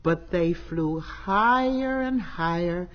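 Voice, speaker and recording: A woman narrating a children's story from a script in a slow, earnest, expressive way. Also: on the low side. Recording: dull 1960s LP with long reverb.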